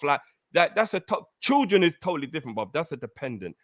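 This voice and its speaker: A man's voice: fairly high pitch, very animated, fast talker, a bit bright. A man, passionately defending his view in a casual fan call-in debate. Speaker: regular on a fan call-in show.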